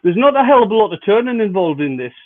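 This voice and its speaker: A man's voice: high voice, big pitch swings, fast. A man demonstrating woodturning on a livestream, chatting casually and explaining as he works. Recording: tinny phone-like sound.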